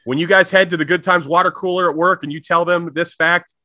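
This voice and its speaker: A man's voice: high-pitched, steady tone, quick pace, sharp tone, dry recording. A man co-hosting a comedy podcast, joking and rambling in casual chat. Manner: joking, rambling, mock-preachy. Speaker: podcast co-host.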